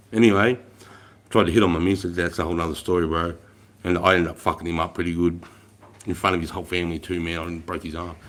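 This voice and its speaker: A middle-aged Australian man, an army veteran, chatting on a livestream and telling stories in an animated, profane way. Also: low-pitched. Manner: profane, animated storytelling, swears constantly. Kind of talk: casual livestream chat.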